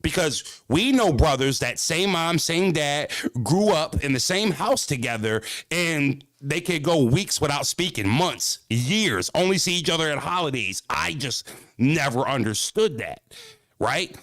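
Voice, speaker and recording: A man's voice: a little high, a little slow, no echo, clean studio sound. Profane Philly man ranting to viewers. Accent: Philadelphia. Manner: profane, animated, emphatic. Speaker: streamer. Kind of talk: casual livestream rant.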